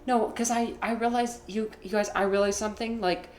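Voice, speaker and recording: A woman's voice: medium pitch, steady tone, a little fast, a little mellow, echoey room, a little hiss or hum. A woman live-streaming a video game, chatting in a rambling, playful, self-mocking way. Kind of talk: casual live gaming commentary.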